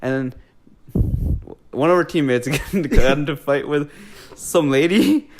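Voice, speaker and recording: A man's voice: fairly high pitch, unhurried. Young man telling stories casually. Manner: animated storyteller, swears often. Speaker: podcast co-host. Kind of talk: casual chat.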